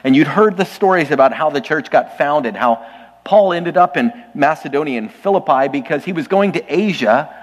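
A man's voice: a little high, lively intonation, moderate pace, big-room sound. A man preaching a sermon to his congregation, conversational and lightly humorous, often speaking straight to the listeners. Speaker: pastor. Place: church sanctuary.

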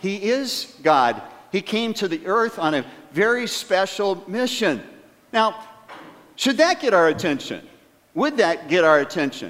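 Male pastor, fairly high voice, earnest sermon delivery, drawn-out emphasis, long church reverb. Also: a bit bright. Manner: earnest, emphatic, slows down on key phrases; asks the congregation rhetorical questions.

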